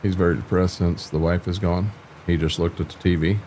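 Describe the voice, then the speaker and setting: A man's voice: low-pitched, steady tone, a little fast, darkish tone, a little hiss or hum. An older man chatting casually on a live stream about farming games, laid-back and folksy, often stumbling and repeating words.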